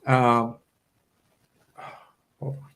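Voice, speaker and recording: A man giving a live psychic reading as the guest medium, his voice sitting at an ordinary middle pitch. He stumbles, restarts and repeats his words as he gets emotional. His delivery is sincere and halting. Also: flat delivery, noisy background.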